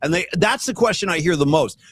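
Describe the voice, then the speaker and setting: A middle-aged man hosting a podcast, chatty and energetic, jumping in with quick reactions. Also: fairly high pitch, husky. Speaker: podcast host. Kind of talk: casual podcast chat.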